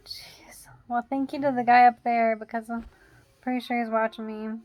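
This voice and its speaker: A woman's voice: on the high side, little pitch movement, a little fast, darkish tone. A young woman vlogger telling a story in a casual, rambling way, full of "like" fillers, still shaken and jittery.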